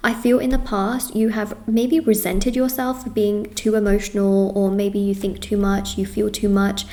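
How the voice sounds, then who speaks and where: A woman does tarot readings for her viewers in a mid-range, warm voice with flat delivery. She's earnest and reassuring, repeats herself, and rattles through lists in quick runs.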